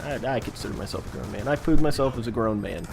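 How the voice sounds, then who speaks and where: A young man hosting a gaming channel, telling a rambling, self-mocking story in a casual, animated way over gameplay. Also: medium pitch, quick pace, creaky, over music.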